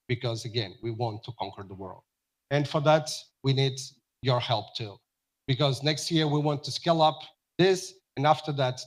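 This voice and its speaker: A man giving an energetic, emphatic startup pitch to investors.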